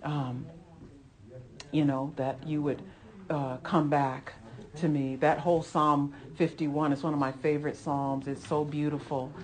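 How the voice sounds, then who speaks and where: Woman Bible teacher, low register, earnest and emphatic, chatty sermon delivery with repetitions. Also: little pitch movement, unhurried, darkish tone. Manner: earnest, emphatic, repeats phrases, many "you know" asides. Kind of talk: conversational Bible lesson sermon.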